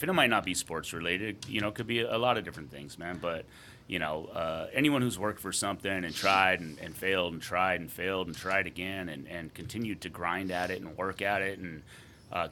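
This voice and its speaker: A man's voice: low-pitched, sharp tone, slight background noise. A man co-hosting a podcast, telling a sports story casually and rambling with lots of fillers. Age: adult father. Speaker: podcast co-host.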